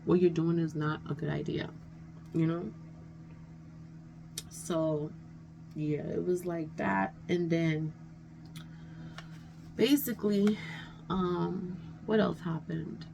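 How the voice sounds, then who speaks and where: Woman, low gravelly voice, casual rambling storytime, faint background noise. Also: steady tone, slow pace, pauses often, lo-fi sound. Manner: rambling, conversational, frequent "you know what I'm saying". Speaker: vlogger telling a story.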